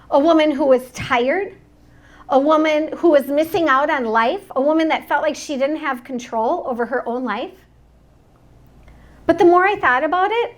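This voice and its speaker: A woman's voice: sits high, a bit bright. A woman in her forties giving an inspirational keynote talk on stage, telling her story earnestly with self-mocking humor. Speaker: motivational speaker. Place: event stage before an audience.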